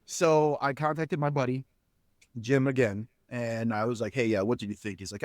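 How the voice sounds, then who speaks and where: A spirits company founder in middle age sits in as a podcast guest, casually recounting a long story during an interview. His mid-range voice keeps a normal pace, loaded with fillers and false starts, and he acts out whoever he's quoting. The sound is studio quality, free of echo.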